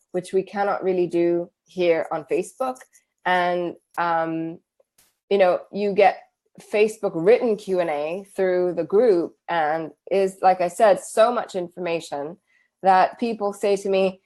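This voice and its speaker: A woman's voice: fairly low pitch, a little slow, warm tone. A woman from England with a British accent, hosting a live Q&A stream and reading out viewer comments with enthusiasm. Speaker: host.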